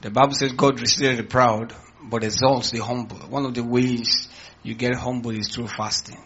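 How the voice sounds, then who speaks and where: Husky-voiced pastor preaching. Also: male voice, medium pitch, a bit bright, highs cut off. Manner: preaching with call-outs to the congregation. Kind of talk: sermon.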